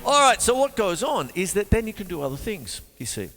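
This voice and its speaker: Male drum tutor, jokey, counts beats aloud, animated delivery, heavy drumming behind. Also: high voice, a little fast, in a large hall, loud music behind the voice. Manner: chatty and jokey, counting beats aloud over his playing. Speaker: drum teacher. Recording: loud drum kit playing over the voice. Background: drum kit.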